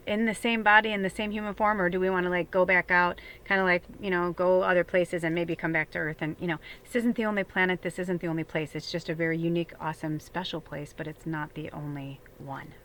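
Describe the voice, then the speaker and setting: Lady tarot reader rambling on, bright tone, lots of likes and ums, swears now and then. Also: fairly low pitch. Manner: chatty, rambling, many fillers and repeats; swears casually. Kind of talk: casual spiritual reading.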